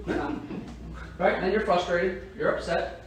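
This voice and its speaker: A man's voice: high-pitched, steady tone, moderate pace, a little hiss or hum. A man giving a motivational sales training talk to insurance agents, emphatic and constantly checking in with "right?". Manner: emphatic, keeps asking "right?" to the audience. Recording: echoey room, heard from a distance.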